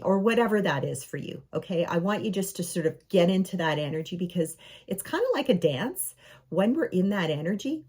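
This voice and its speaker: A woman's voice: lowish voice, animated, brisk, darkish tone, slightly rough. A middle-aged woman coaching viewers on their homes in an enthusiastic, affirming way, calling them her friends. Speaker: space and home coach. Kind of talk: motivational coaching talk to camera.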